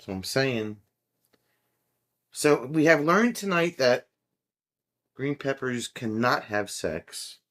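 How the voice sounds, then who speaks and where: Slow, jokey male livestream host. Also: medium pitch, very animated, a bit bright. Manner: jokey and playful, laughing often. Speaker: livestream host reading viewer chat. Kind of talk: casual livestream chat.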